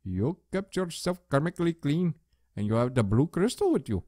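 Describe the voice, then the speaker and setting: A man voicing a calm, wise male guru in a video game, speaking slowly and solemnly. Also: on the high side, no echo, studio quality, voice pushed up. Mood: serene.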